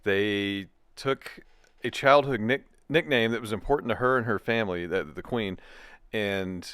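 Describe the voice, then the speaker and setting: A man's voice: lowish voice, a little slow, fairly bright tone, clear, resonant tone, dry recording, studio quality. A man joining as a guest in a casual commentary chat, wry and jokey, with some hesitations. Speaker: guest co-host.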